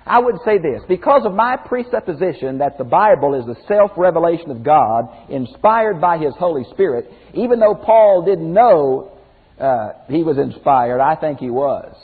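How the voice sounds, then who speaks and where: Older male Bible teacher, husky and folksy, tinny phone-like sound in a reverberant hall. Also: on the high side, moderate pace. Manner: folksy, animated, shifts from loud exclamations to quiet emphasis. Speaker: pastor teacher.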